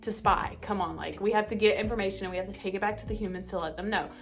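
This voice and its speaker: A bubbly young woman in her twenties chats about books, her voice lively and quick when she gets worked up. She gushes and piles on fillers in a casual, chatty way, with faint music playing underneath. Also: medium pitch. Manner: bubbly, gushing, full of fillers; speeds up when excited. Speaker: book vlogger. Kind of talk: casual chat.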